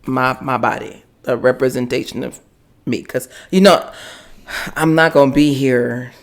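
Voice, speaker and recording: A woman voicing a laid-back male Jesus who speaks to his friends in a hushed, unhurried way. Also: steady tone. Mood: serious. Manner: low-key, hushed and unhurried.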